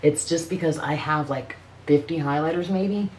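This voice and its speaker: A woman's voice: low-pitched, moderate pace, a little mellow, a little hiss or hum. A middle-aged woman chatting casually as a beauty vlogger, blunt and profane, rambling with frequent restarts. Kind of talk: casual makeup review chat.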